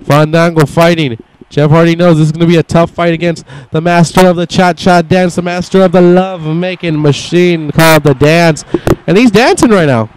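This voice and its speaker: Young man doing smooth wrestling-game commentary. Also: on the high side, moderate pace, poor audio. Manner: casual, swearing, voicing wrestlers' thoughts in asides. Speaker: gameplay commentator. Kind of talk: mock wrestling play-by-play over a video game.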